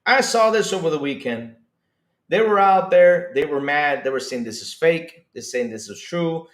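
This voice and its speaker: A streamer reacts casually to his chat at a moderate pace, excitable and playing up mock outrage. His high voice swings widely up and down and echoes around the room.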